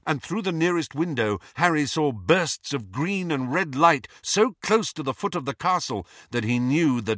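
Lively, bright-voiced male storyteller. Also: medium pitch, no room sound, clean studio sound. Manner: expressive, animated reading. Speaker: audiobook narrator. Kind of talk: scripted narration.

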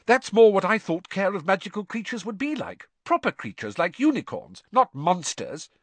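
A snooty teenage schoolgirl, as a male reader puts her on, pitched high with a hard, dismissive edge. The storybook delivery bends lively and sits dry and close. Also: moderate pace, no room sound.

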